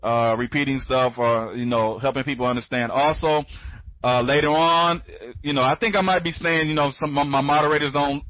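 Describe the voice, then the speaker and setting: A man's voice: mid-range voice, no room sound. Sleepy, rambling man on lo-fi audio. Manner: rambling, repeats himself, many restarts; talks fast when excited. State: sleepy, tired. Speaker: online training conference host. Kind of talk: casual live webinar talk. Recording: dry, dull lo-fi audio.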